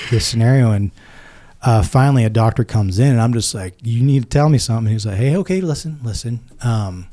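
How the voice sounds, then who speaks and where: A man's voice: on the low side, warm tone. A man in his forties, a military veteran and podcast guest, earnestly retelling a personal story and acting out both sides of each conversation.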